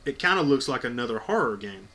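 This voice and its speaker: A man's voice: medium pitch, very animated, fast, sharp tone. A man hosting a casual unboxing video, talking bluntly and enthusiastically with plenty of swearing. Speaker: video host.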